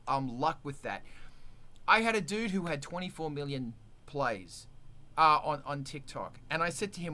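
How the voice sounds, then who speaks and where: A man hosting a casual livestream chat, talking in an animated, rambling way with restarts and swearing. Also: on the high side, moderate pace. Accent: Australian. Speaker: livestream host, musician.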